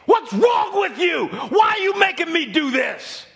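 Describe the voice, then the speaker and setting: Guy putting on a shrill frantic wife, yelling and begging, high and loud. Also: lively intonation, measured pace, exaggerated voice. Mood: furious. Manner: shouting, pleading, high-pitched. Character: frantic pleading biblical wife, woman.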